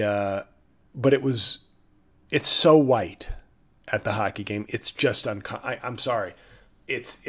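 A man hosting a solo podcast who tells rambling, self-deprecating stories full of asides and restarts. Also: medium pitch. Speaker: comedian podcast host.

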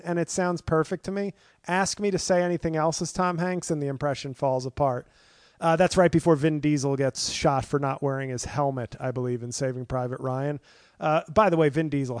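A man's voice: a little high, no room sound, studio quality. A man hosting a casual solo podcast from home, rambling and sarcastic with lots of fillers and self-mocking asides. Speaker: podcast host.

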